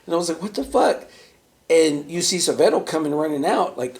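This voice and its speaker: A man's voice: a little high, fast. A man hosting a podcast, telling a profane workplace story in casual chat and acting out the quoted voices. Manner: animated storyteller, acts out quotes in raised voice; casual, profane, many fillers like "right?" and "you know". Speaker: podcast host.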